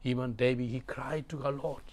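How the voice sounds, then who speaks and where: A man's voice: fairly low pitch, normal speed. A man preaching a sermon in non-native English with broken grammar. He is emphatic, repeats his phrases and asks the congregation to answer back.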